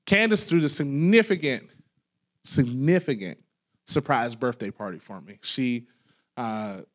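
A man in his thirties, a pastor preaching a sermon, loud and animated as he tells stories with laughs. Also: a little high. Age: 30s. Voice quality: loud talker. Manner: animated storytelling with laughs and acted quotes. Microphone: handheld microphone held away from mouth.

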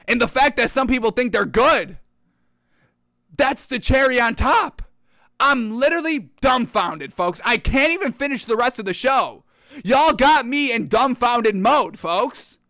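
A man's voice: very high voice, animated, moderate pace, pushed and bright, no room sound, studio quality. A man hosting a sports talk show, ranting in exasperation and often calling out to his listeners as folks. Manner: exasperated, ranting, mocking voices in quotes; keeps addressing listeners as folks. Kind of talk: opinionated sports rant.

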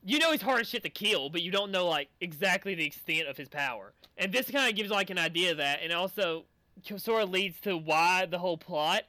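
A man's voice: high voice, animated, a little fast, pushed and bright, no echo. A man hosting a casual podcast discussion, upbeat and defending his opinions. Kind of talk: casual review chat.

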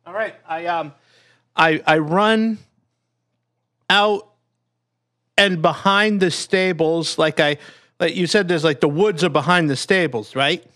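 A man's voice: a little high, slow pace, long pauses, bright, forceful tone. A man playing a tabletop game, hesitant and stammering as he describes his moves. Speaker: player.

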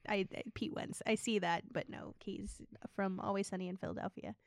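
A woman's voice: medium pitch, fairly even intonation, a little fast, no echo, studio quality. Chatty, laughing woman podcaster. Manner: chatty storyteller, swears, laughs through her anecdotes. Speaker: podcast co-host. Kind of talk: casual chat.

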